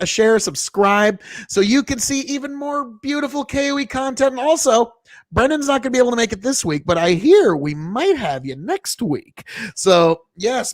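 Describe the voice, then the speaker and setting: A man's voice: high voice, no echo, clean studio sound. A man from Nebraska hosting a podcast, telling rambling, profanity-laced stories in casual chat. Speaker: podcast host.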